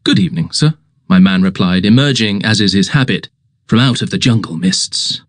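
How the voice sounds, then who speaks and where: A man narrating a comic story in a lively way. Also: fairly low pitch, moderate pace, no room sound.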